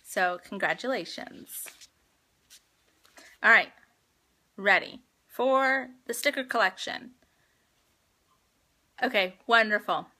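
Woman, livestream host, casual chat, crisp bright tone, heartfelt and rambling. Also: medium pitch, slow pace, long pauses. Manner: chatty, heartfelt, rambling with fillers. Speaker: livestream host announcing giveaway winners. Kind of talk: casual live-stream chat to viewers. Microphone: phone livestream.

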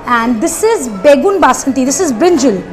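High-voiced woman hosting a food vlog. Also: animated, normal speed, music in the background. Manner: explains dishes with many fillers, switching to Hindi. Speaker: food vlogger host. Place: restaurant.

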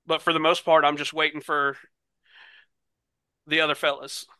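Bright, crisp-voiced man thinking aloud. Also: on the high side, level tone, normal speed, no room sound. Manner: hesitant, many ums and likes, thinking aloud. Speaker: player. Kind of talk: casual tabletop role-play.

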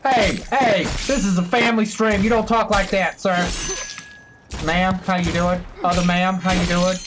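A man streaming a video game live, talking to his chat in an excitable, joking, chatty way. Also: sits high, a little slow, background noise. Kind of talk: live gameplay commentary.

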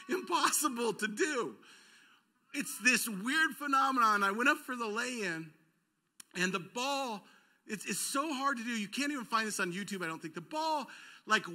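A male pastor preaches a storytelling sermon in a church auditorium, his voice high, ringing and very bright. Animated and self-deprecating, he performs the cries and shouts of the characters he describes.

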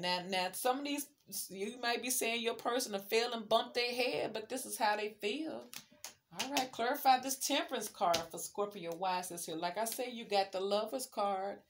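Woman, tarot reader, chatty, emphatic, talks to viewer, fairly high voice. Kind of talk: casual tarot reading.

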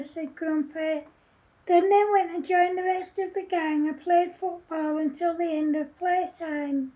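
A woman reads her own children's story aloud. Her voice is very high and mellow, and she reads slowly and steadily. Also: fairly even intonation, rough recording.

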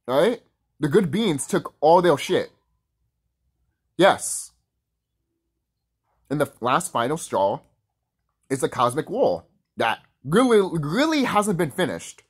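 A man's voice: a little high, husky. A man ranting casually to camera in a profane, heated and rambling way. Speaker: vlogger.

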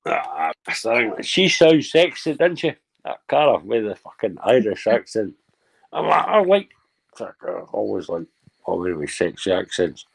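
A man's voice: lowish voice, very animated, normal speed, creaky, breathy edge. A man on a livestream panel, brash and crude, swearing freely and talking over the others. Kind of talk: crude banter on a live panel.

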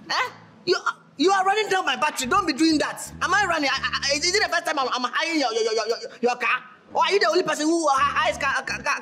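A man's voice: very high voice, sharp tone, heavily acted. A man acting a flustered broke man who stammers and pleads over the phone in a comedy skit. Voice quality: stammering, repeats words.

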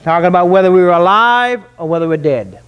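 A man preaches in a high, ringing voice. He is emphatic, leans on rhetorical questions, and pauses to let points land. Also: lively intonation, fairly bright tone, clear, resonant tone. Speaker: pastor. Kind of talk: sermon.

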